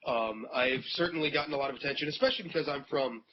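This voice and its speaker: A man's voice: mid-range voice, fast talker. A man from North Dakota answering interview questions in a dry, self-deprecating way. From North Dakota, USA. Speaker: interview guest. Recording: muffled, with noticeable background noise.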